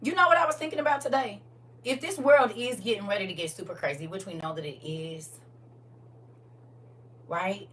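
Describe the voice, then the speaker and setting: A woman hosting a casual livestream chat with her viewers, swinging from soft murmurs to loud, excited exclamations. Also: medium pitch, normal speed, long pauses. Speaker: livestream host. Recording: distant mic with faint background hum.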